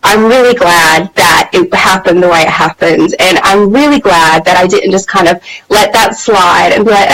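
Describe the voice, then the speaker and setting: A woman's voice: lowish voice, normal speed, a bit bright, poor audio. A woman hosting a motivational live stream, telling a personal story in a candid, chatty way with plenty of fillers. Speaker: host of a women's empowerment channel.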